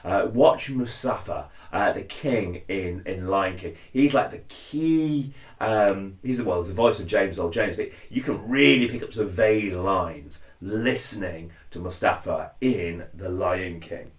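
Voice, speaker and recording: Casting: chatty man walking through a tutorial, slightly low pitch, roomy echo. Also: a little slow, few pauses. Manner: chatty, drops into deep impressions of lines. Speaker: cosplayer giving a tutorial. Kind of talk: casual spoken tutorial. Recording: echoey room.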